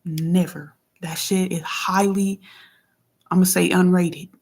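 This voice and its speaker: A woman with a fairly low voice vents into her phone, blunt and heavy on the swearing. She rises into heated bursts, then drops back to low, quiet muttering. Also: steady tone, slow pace, vocal fry. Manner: blunt and heavily profane; swings between heated outbursts and low murmurs. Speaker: vlogger. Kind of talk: casual venting monologue.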